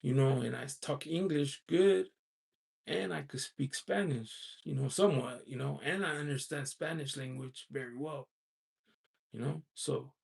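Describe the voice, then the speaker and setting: A man's voice: mid-range voice, moderate pace, gravelly, husky. A man from the United States hosting a casual livestream, reading out viewer chat and rambling with lots of "you know" asides and frequent chuckles. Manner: chuckles often while talking.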